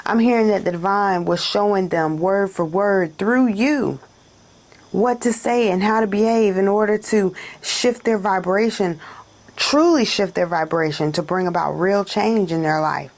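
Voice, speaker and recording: Gravelly-voiced female card reader, chatty and dramatic, laughs a lot. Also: mid-range voice, unhurried. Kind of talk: casual spiritual reading to camera.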